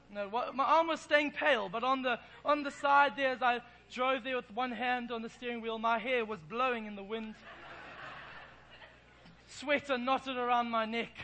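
A man's voice: extremely high pitch, pushed and bright, poor audio. An Englishman preaching in church, telling a self-deprecating, playful story. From England. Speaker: pastor. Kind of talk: sermon with humorous storytelling.

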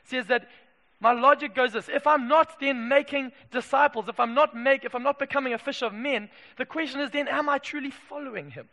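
A man from Zimbabwe preaching a passionate sermon in a church, moving from hushed asides to loud calls. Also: extremely high pitch, brisk, few pauses. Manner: passionate, swings from hushed to shouting. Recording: echoey hall reverb.

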